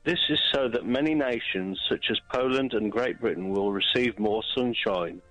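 Deadpan man reading aloud. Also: on the low side, moderate pace, poor audio. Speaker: radio co-host.

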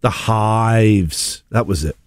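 A man's voice: fairly low pitch, slow pace, background noise. A man hosting a radio breakfast show, chatting and arguing in a mock-indignant, bantering way. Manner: animated, mock-indignant, argumentative.

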